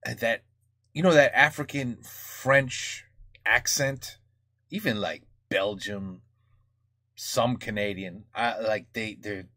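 American man, reaction host, bright tone, close dry mic, talks in fits and starts. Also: lowish voice, slow, dry recording. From United States. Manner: thinking aloud, many fillers and restarts. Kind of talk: casual reaction commentary.

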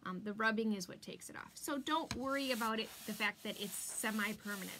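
A bright, upbeat woman talks through a live craft demo from her craft room in a chatty, bubbly way. She stretches out words for emphasis, and a faint hum sits behind her voice. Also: on the high side, brisk, few pauses. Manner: bubbly and chatty, greeting viewers by name. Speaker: craft demonstrator hosting a live stream.

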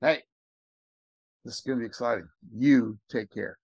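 Excited man walking through a screen share. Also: mid-range voice, no room sound. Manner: excited, rambling, talks fast. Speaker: network marketing recruiter.

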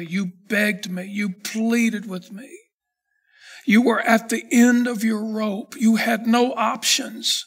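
A man preaching a sermon as pastor, reading scripture slowly and then building in intensity. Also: high-pitched, flat delivery, fairly bright tone, slightly rough.

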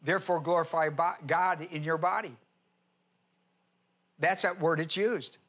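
A male pastor teaching a sermon verse by verse, reading scripture aloud and slowing down to stress key words. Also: a little high, fairly even intonation, a bit bright. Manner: reads scripture aloud and spells out Greek words. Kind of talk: expository Bible teaching sermon.

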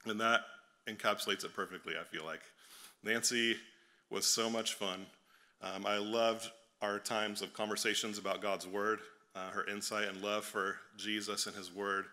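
A man reading a prepared memorial tribute for a longtime friend, steady with occasional fillers. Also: lowish voice, normal speed. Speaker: family friend giving a tribute.

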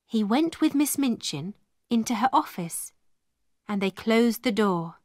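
A woman narrating a simple story for English learners in a slow, clear and deliberate way. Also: fairly high pitch, expressive, dry recording, studio quality. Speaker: storybook reader.

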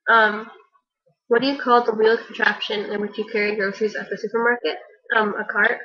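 A young woman reading a list of words and questions for a home video, hesitant, with frequent pauses and fillers. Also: on the high side, flat delivery. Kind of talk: reading a word list on camera. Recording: dull lo-fi home recording.

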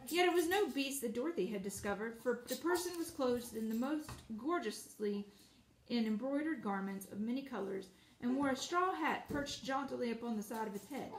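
A woman reading a children's storybook aloud, expressive, with casual asides. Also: a little high, normal speed, roomy sound, slight background noise, low-quality recording. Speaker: audiobook reader.

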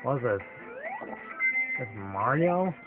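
A man talks his way through a video game in a loose, rambling way, often trailing off and correcting himself. His voice sounds thin and phone-like. Game music plays loudly behind him. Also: mid-range voice, lively intonation, slow pace. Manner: rambling, hesitant, chatty. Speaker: let's play host. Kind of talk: casual gameplay commentary.

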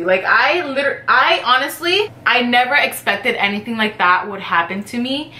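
Bright-voiced woman, swearing casual storyteller. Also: on the high side, animated, normal speed, hardly any pauses, reverberant. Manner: profane, rambling, heavy use of "like". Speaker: vlogger telling a personal story.

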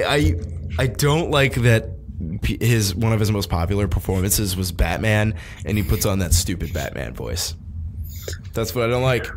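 A man's voice: deep voice, slight background noise. A man co-hosting a podcast, casually chatting about films, laughing often and swearing freely. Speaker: podcast co-host. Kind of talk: casual film review chat.

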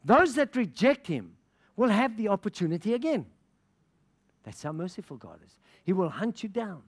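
Man, middle-aged, from Africa, pastor, sermon, high voice, very lively pitch, passionate storytelling. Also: normal speed, husky. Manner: passionate storytelling with laughter and quoted dialogue.

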